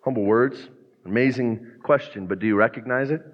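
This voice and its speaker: A man's voice: medium pitch, moderate pace. A man preaching a sermon as pastor, earnest, now and then acting out quoted voices. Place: church sanctuary. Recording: muffled sound with long church reverb.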